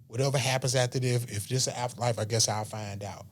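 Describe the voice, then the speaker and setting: A man's voice: mid-range voice, fairly even intonation, fast talker. A man who is a podcast guest telling a personal story in an earnest, emotional way, sometimes dropping to a near-whisper. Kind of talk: personal storytelling in a casual chat.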